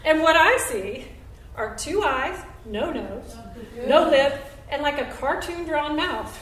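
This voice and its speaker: High bright woman telling a story on stage. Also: slow pace. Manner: animated, acts out quotes with big jumps in pitch and volume. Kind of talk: live comic storytelling. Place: stage at a benefit show. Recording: roomy live venue, recorded from a distance.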